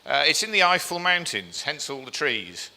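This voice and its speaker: Speaking to a live audience in an event hall, a man gives a chatty, self-deprecating slide talk, full of ums and questions thrown to the crowd. His voice is a little high, very animated, pushed and bright, at a moderate pace. The hall adds a long reverb.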